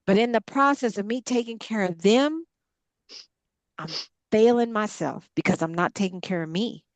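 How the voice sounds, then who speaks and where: A woman's voice: medium pitch, moderate pace, dry recording. A middle-aged woman leading a Bible study group, talking bluntly and with feeling, swearing freely. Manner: blunt, impassioned, frank swearing. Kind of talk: candid group discussion.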